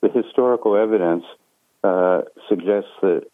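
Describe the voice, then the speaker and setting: Deep-voiced man on a tinny phone line. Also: no room sound. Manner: measured, hesitant with many fillers. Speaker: guest analyst. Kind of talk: phone interview.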